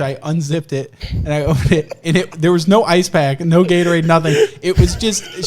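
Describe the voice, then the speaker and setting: Young male podcast co-host with a high voice, animated storyteller who laughs a lot. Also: background noise. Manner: animated, laughs through stories, swears freely. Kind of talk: casual storytelling chat.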